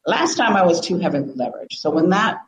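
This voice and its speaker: Middle-aged woman, expressive storyteller, lower voice, roomy echo. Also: fast, a little hiss or hum. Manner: animated, laughs often, acts out quotes. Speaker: guest, business coach. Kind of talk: emotional storytelling interview.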